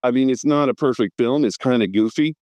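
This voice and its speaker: A man's voice: medium pitch, a little fast, a little mellow, dry recording. Enthusiastic man in his fifties, dry sound. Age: 50s. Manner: enthusiastic, rattles off names and credits, frequent fillers. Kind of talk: casual film podcast chat.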